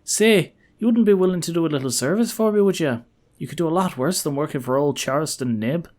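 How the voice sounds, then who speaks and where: A man's voice: on the high side, brisk, voice pushed up, natural voice. A man voicing an eager old male archaeologist in a put-on Irish accent. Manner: animated, eager, chatty.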